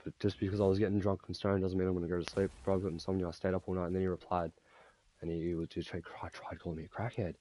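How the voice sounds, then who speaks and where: This is a young Australian man in a loose, profane gaming rant. His voice sits low and dark in tone. He talks at a rapid clip and rambles from one grievance to the next. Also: level tone, slight background noise. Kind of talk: casual rant while gaming.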